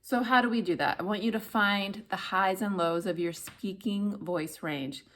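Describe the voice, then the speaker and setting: A woman teaching how to speak so that people listen, talking straight to viewers in an expressive instructional style and demonstrating pitch and volume as she goes. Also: normal speed. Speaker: voice coach. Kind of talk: instructional video talk.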